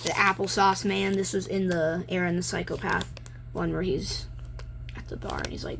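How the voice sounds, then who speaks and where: A video maker rambles through a casual show-and-tell vlog of her own drawings, with lots of ums and likes. Her lowish, gravelly voice moves at normal speed against a noisy background.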